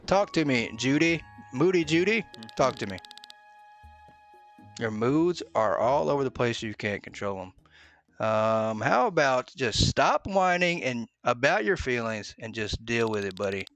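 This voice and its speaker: A man's voice: on the low side, a bit bright. Joking man commentating a game. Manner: joking, mock-blunt, with many "uh"s. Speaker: gaming video host. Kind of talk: casual let's-play commentary.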